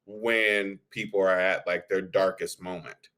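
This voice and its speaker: A man co-hosting a casual podcast, his voice sitting fairly low. He speaks frankly and bluntly about his feelings, with a laugh dropped in here and there. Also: steady tone, measured pace, pushed and bright. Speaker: podcast co-host. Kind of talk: casual chat.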